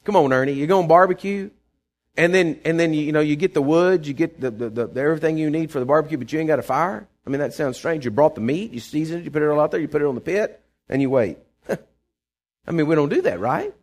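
A man preaching a sermon in a folksy, conversational way, with asides to the congregation, swinging between quiet asides and emphatic bursts. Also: fairly high pitch, expressive, fast talker. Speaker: pastor.

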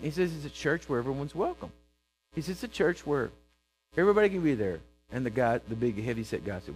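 A man preaching with a story, his voice a little high and swinging widely as he acts out each character. He bursts into loud emphasis at key moments. Soft music plays faintly beneath him. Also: sing-song, brisk, low-quality recording. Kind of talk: sermon with storytelling.

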